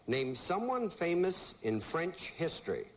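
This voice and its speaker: A man's voice: on the high side, big pitch swings, measured pace. A man hosting a television game show, teasing and joking with the contestants. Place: TV studio. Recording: noisy 1970s television broadcast recording.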